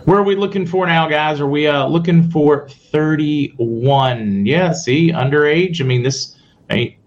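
A man hosting a casual live stream, reading posts aloud fast and adding sarcastic asides to his viewers. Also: on the high side. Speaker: host. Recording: muffled audio with faint noise.

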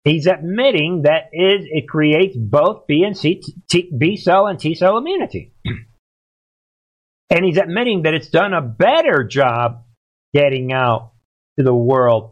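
A man's voice: a little high, lively intonation, unhurried, lo-fi sound. A man hosting a political livestream, commenting in a rambling, emphatic way and talking to his chat.

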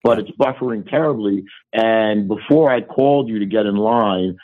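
A man calling in to a live stream, talking excitably and swearing freely. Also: lowish voice, moderate pace. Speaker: caller. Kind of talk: casual phone-in chat. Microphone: phone. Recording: tinny phone line.

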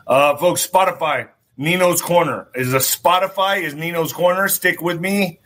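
A man talks straight to his viewers in a loose, rambling monologue, circling back to repeat his points and dropping the odd curse. His voice sits a little high and rings with a bright, forward tone. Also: normal speed, few pauses. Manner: rambling, repeats phrases, swears. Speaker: show host. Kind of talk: casual commentary monologue.

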